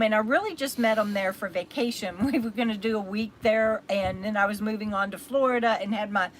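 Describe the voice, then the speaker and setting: A woman's voice: mid-range voice, slight background noise, poor audio. A woman with a Texas accent, tired and getting over an illness, chatting rambly on her live stream and thanking viewers by name. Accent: Texan. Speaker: livestream host. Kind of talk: casual live-stream chat.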